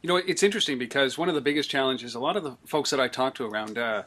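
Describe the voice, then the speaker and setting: Fast-talking male interviewer. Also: medium pitch, sharp tone. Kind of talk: casual interview.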